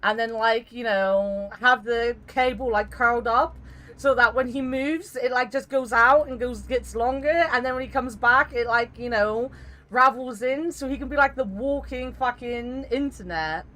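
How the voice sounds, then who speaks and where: A woman streamer chats with friends during a game stream, her voice sitting a little high. She rambles through stories, jokes around and swears freely. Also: moderate pace, pushed and bright. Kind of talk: casual voice chat while streaming a game.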